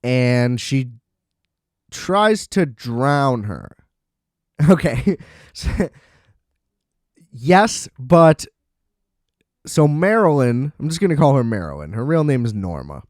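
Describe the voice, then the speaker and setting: A man's voice: mid-range voice, very animated, slow pace, pauses often, a little mellow, no room sound, studio quality. A man hosting a podcast, ranting sarcastically about a film, exasperated and laughing often. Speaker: podcast host. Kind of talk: casual rant review.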